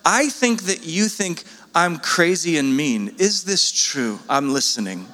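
A man preaching a sermon as pastor, earnest and pleading, his voice jumping up in pitch when he presses a point. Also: animated, a little slow, sharp tone, in a large hall.

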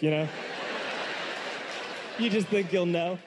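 A man doing stand-up comedy, telling a self-mocking story with animated outbursts. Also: high-pitched, normal speed, a crowd in the background. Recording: noisy live recording with room ambience.

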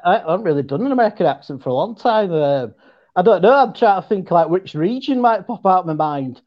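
A man's voice: high voice, animated, quick pace, muffled recording. An English man from Yorkshire with a Yorkshire accent, a guest in casual chat who laughs often and stammers through restarts. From England.

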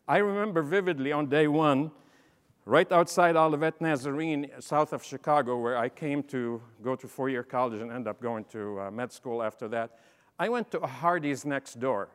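Animated man in a reverberant hall. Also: medium pitch. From Lebanon. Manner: animated, humorous, acts out dialogue. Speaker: keynote speaker. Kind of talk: storytelling talk to an audience. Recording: long reverb in a large hall.

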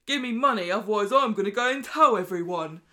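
A woman voicing a cocky male blackmailer with a southern English accent, loud and drawled. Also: mid-range voice, animated, fast talker, voice pushed up. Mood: menacing.

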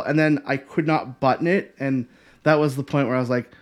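A man co-hosting a podcast, chatting casually, joking and laughing a lot, with halting phrasing. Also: mid-range voice, fairly even intonation. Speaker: podcast co-host. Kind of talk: casual chat.

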